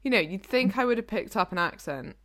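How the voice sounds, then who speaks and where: A woman's voice: mid-range voice, animated, fairly bright tone. A woman with an English accent, co-hosting a podcast in easygoing, chatty conversation. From England. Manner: easygoing, chatty, quick to laugh. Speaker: podcast co-host. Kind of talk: casual chat.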